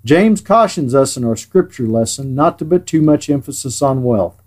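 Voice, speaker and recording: Mellow-voiced man preaching a sermon. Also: mid-range voice, animated. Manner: measured, earnest, dryly sarcastic at times. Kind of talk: sermon read from a script.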